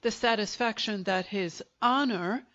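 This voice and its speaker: A woman's voice: on the high side, a little slow, dry recording, close to an everyday voice. A woman voicing a serene, overly polite plump middle-aged male coffin maker, courteous and florid, on a dull lo-fi recording. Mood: polite regret.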